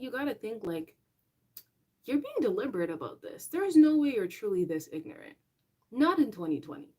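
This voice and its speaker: Chatting casually on her livestream, this young host addresses viewers head-on, animated and laughing a lot. Her voice is mid-range.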